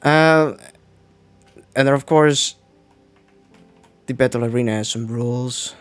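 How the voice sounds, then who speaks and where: A man's voice: medium pitch, slow pace, clear, resonant tone, soft background music. Man rambling through live gameplay commentary. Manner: rambling, restarts often, mutters to himself. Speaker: streamer.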